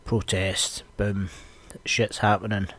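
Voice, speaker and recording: Husky scottish guy on a podcast, low voice, swears a lot while he rants. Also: takes it slowly. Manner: sweary, ranting, animated storytelling. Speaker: podcast host. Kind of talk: casual podcast chat.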